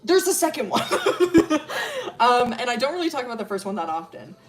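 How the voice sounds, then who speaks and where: A woman's voice: on the high side, sing-song, normal speed. A young woman streamer casually telling a story, crude and chatty, often laughing. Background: faint music.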